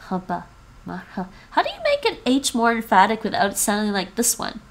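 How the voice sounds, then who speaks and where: A woman with a medium-pitched voice that swings wildly in pitch talks a little fast. She's chatting casually on a language-learning livestream, sniffly with a cold, repeating words after an app to practice pronunciation and laughing often.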